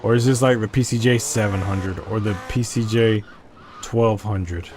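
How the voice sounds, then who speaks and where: A man's voice: lowish voice, steady tone, moderate pace, a little mellow, slight background noise. A man casually commenting while playing a video game, rambling and asking himself questions as he goes. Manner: rambling, self-questioning, chatty. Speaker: gameplay commentator. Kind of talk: casual let's play commentary.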